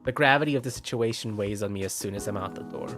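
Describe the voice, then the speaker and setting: A man streaming himself reading a visual novel aloud, expressive, with sudden yelps and laughs. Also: on the low side, fast talker. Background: game music.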